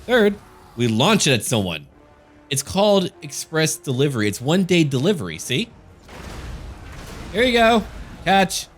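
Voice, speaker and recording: Giddy high-voiced huckster, a man doing the bit, swooping sales pitch. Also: unhurried, pauses often, faint music behind. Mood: giddy salesy. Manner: excited, sing-song sales pitch. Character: giddy male huckster selling stone deliveries.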